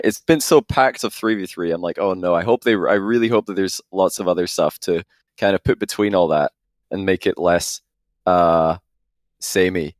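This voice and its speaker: A man's voice: sits low, no room sound, studio quality. A man hosting a podcast, enthusiastic and chatty, asking rambling questions. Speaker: podcast host. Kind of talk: casual podcast interview.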